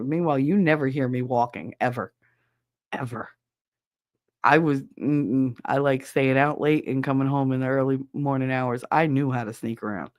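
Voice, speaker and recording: A woman's voice: rumbling low, normal speed, dry recording, clean studio sound. A woman hosting a casual chat show, venting bluntly with lots of swearing and laughter. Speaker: podcast host. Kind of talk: casual chat with chat shout-outs.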